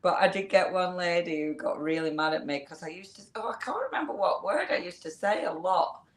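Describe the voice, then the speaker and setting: Woman, lively presenter, bursts of exclamation, echoey room. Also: lowish voice, fairly quick. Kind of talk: casual chat. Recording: roomy echo.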